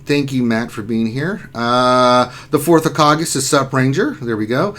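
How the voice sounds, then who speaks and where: A man's voice: medium pitch, normal speed, fairly bright tone. A man hosting a casual livestream chat, joking around and reading viewer comments aloud. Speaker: livestream host.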